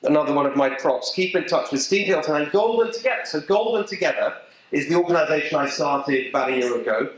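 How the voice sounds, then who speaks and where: A middle-aged man with an English accent speaks to a live audience, emphatic and animated, cracking jokes as he goes. His voice sits a little high for a man. The room rings with a heavy echo. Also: quick pace. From England. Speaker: political speaker. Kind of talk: speech to a local political group. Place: event venue with a live audience. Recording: echoey room.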